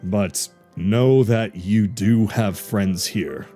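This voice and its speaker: A man's voice: fairly low pitch, very slow, dark tone, soft background music. Man running a tabletop game. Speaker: game master.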